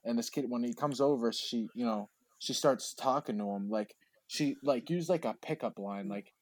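A man's voice: mid-range voice, normal speed, dry recording. A man retelling a story in casual chat, rambling and saying "like" a lot. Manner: rambling, heavy use of "like".

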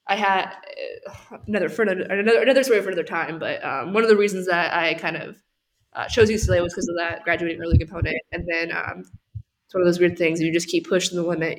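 A woman's voice: on the low side, gravelly. Hesitant young woman guest. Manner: hesitant, many restarts and fillers. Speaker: podcast guest, doctoral student. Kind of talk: casual interview answers.

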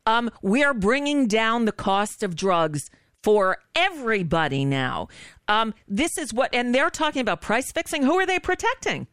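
A woman hosting a political talk radio show, sarcastic and indignant, with quick asides. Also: on the high side, very animated, a bit bright, smooth, dry recording, clean studio sound.

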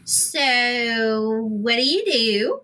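A woman's voice: on the high side, animated, drawn-out words, sharp tone, distant mic, a little hiss or hum, heavily acted. A woman voicing a blunt, curious girl of about twelve in a tabletop role-play game. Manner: blunt and childlike. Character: curious sharp-eyed girl around twelve.

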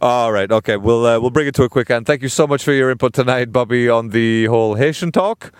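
A man's voice: medium pitch, quick pace, clear, resonant tone, dry recording, studio quality. A man co-hosting a casual podcast, teasing and bantering with his friend. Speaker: podcast co-host. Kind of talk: casual chat.

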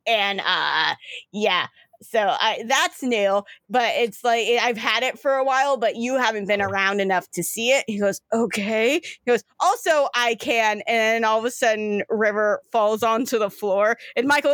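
A woman's voice: on the high side, moderate pace, a bit bright, no room sound, clean studio sound. A woman narrating as game master in a rambling, casual way.

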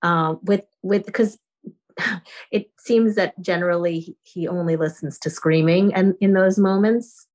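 A mother asking for parenting advice, speaking hesitantly with frequent restarts and soft laughs. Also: on the low side, steady tone, a little slow. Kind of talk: conversation.

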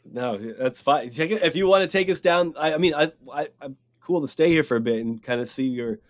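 Laid-back halting male podcast host. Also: fairly high pitch, no room sound, clean studio sound. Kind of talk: casual interview chat.

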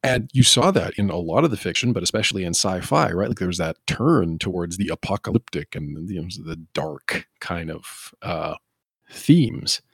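A man with a very low, slightly husky voice talks casually on a podcast, rambling from point to point and riffing with animated asides. The sound is dry and close, with no room around it. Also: moderate pace, dry recording. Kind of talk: casual chat.

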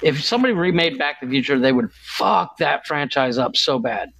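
A man's voice: a little high, lively intonation, a little fast, creaky, a bit bright. A man co-hosting a podcast in casual chat, rambling with many restarts and searching for words. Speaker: podcast co-host.

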